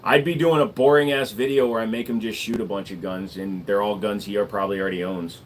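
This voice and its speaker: A man's voice: fairly low pitch, steady tone, a little hiss or hum. A man, a gunsmith, answering viewers in a casual livestream chat, laid-back and wisecracking, dragging out the ends of his words. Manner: laid-back, wisecracking, drawn-out word endings.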